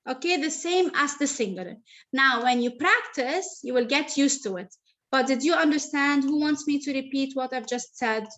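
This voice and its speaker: A woman with a teaching an online grammar lesson over a video call, slow and patient, repeating explanations. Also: high voice, a bit bright. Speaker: English teacher.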